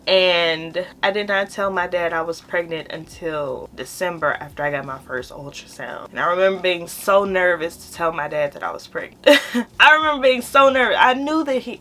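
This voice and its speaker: A woman's voice: lowish voice, fairly bright tone. A young woman vlogger chatting to camera in a heartfelt, rambling way, talking straight to her viewers. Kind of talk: casual chat to camera.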